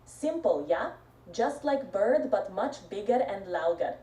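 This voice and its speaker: A woman's voice: mid-range voice, expressive, measured pace, dark tone, distant mic, natural voice. A synthetic female voice playing a goofy, cheerful bird that speaks broken English in short chopped phrases with a hard-to-place foreign accent. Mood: playful. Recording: voice played from a speaker, picked up from across a roomy space.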